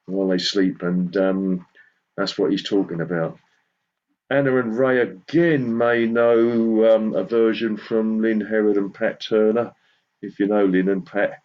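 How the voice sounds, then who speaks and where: His voice sitting low, a southern English man at a folk song circle wanders through a self-mocking story, chuckling softly, before moving into a slow sung lullaby. It's captured on a slightly dull, lo-fi recording.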